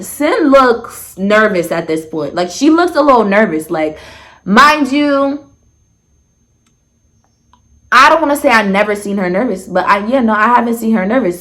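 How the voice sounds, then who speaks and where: A young woman in casual storytime chat, blunt and sarcastic, who swears freely and jumps her pitch for emphasis. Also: a bit bright. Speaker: storyteller vlogger.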